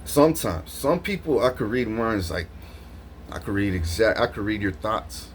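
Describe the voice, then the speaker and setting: Vlogger guy, lowish voice, rambling and slangy, laughs a lot, faint hiss behind. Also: moderate pace. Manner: animated, laughs often, slangy, lots of restarts. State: just woke up from a nap. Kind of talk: rambling casual monologue to camera.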